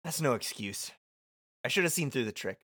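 A man's voice: medium pitch, lively intonation, normal speed, a bit bright, slightly rough, no room sound, studio quality. A man voicing a blunt, cool-headed young woman, reading game lines on a podcast. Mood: matter-of-fact.

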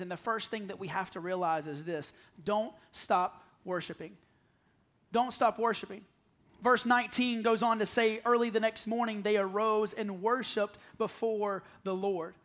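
High-voiced pastor preaching with humor. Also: male voice. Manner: lively storytelling with self-deprecating humor; acts out quoted voices, dropping to soft pleading. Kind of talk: sermon. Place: church sanctuary with congregation.

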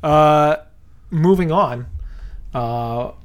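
A man's voice: fairly high pitch, extremely slow. A man co-hosting a podcast, explaining at length with hesitant restarts and some teasing. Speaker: podcast co-host. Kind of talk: casual chat, explaining.

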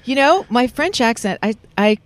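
A woman voice actress chatting casually in an interview, animated and full of fillers and restarts. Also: a little high, normal speed, no echo. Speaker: voice actress guest. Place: parking lot.

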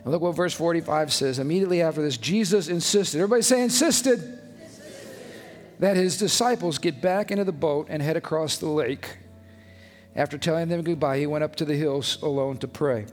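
A male pastor with a somewhat high voice preaches a little fast, emphatic and conversational, peppering his sermon with rhetorical questions. Long hall reverb and faint background music accompany him.

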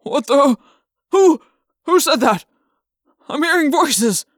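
A woman's voice: high-pitched, lively intonation, unhurried, dry recording, studio quality, voice pushed up. A woman voicing a panicked, stammering trainer. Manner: frightened, stammering, shouting. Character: panicked grown man, an elephant trainer. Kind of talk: audiobook character voice.

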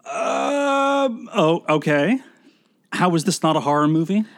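A man's voice: a little high, sing-song, slow, no echo, studio quality. A man co-hosting a podcast, chatting casually about movies with wry jokes. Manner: wry, joking. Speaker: podcast co-host. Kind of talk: casual movie review chat.

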